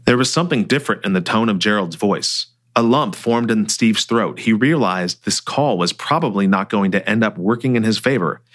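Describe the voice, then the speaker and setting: Expressive male story narrator. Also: lowish voice, moderate pace, hardly any pauses. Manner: expressive, animated reading. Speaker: author and narrator. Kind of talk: audiobook-style story reading.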